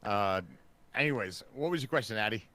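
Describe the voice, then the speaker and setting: A man's voice: on the low side, lively intonation, a little fast, sharp tone. A man with an American accent hosting a live stream, playful and teasing in casual chat. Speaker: stream host.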